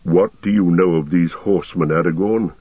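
A gruff, stout dwarf warrior, put on by a male reader, speaking low and blunt with a grim, wary edge. The sound is thin and tinny, like an old radio broadcast, and very dry. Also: moderate pace, no echo. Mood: gruff, uneasy.

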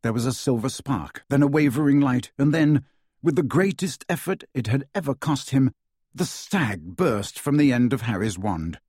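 A man's voice: mid-range voice, lively intonation, moderate pace, a little mellow, breathy edge, no echo, clean studio sound. A man narrating an audiobook dramatically, with varied pacing.

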